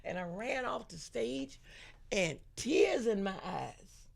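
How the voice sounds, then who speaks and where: A woman in her seventies, a singer being interviewed, telling lively stories, laughing often and breaking into song. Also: fairly high pitch, slow, gravelly. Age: 70s. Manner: animated storyteller, laughs often, sings snatches of songs. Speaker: guest singer. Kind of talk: storytelling interview.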